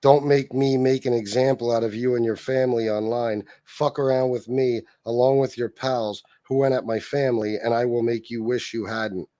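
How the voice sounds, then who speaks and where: On his livestream, a host with Sicilian heritage mocks someone in a profane rant, breaking into laughter often. He speaks in a steady, dark, mid-range voice at a moderate pace with few pauses. No room sound is audible.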